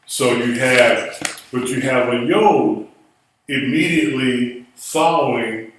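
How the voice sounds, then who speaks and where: A man's voice: medium pitch, takes it slowly. A man teaching a Hebrew class, patiently spelling words out letter by letter. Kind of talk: classroom lesson. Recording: echoey room from far off.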